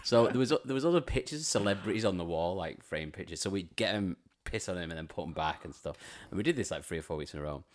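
A man's voice: low voice, lively intonation, fast talker, few pauses. A man, co-hosting a comedy podcast, telling crude stories in casual banter and laughing often. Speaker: podcast co-host.

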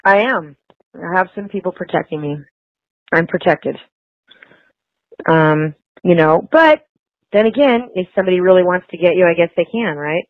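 A woman's voice: lowish voice, moderate pace, pauses often, no echo. A woman guest in a phone interview, talking in an emotional, rambling way with many restarts. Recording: tinny dry phone line.

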